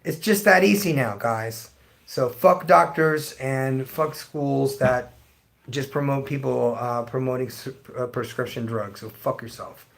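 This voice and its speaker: A man's voice: medium pitch, a little slow, gravelly. A middle-aged man hosting a live stream, ranting bluntly to his chat and swearing constantly. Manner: blunt, heavily profane, ranting. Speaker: livestream host. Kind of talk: profane rant to live chat.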